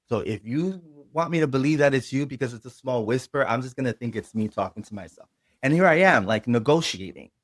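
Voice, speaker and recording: A reverend whose first language is Spanish tells his own story as an interview guest, earnest and emotional, acting out things he once said. His voice is mid-range, recorded with no room sound.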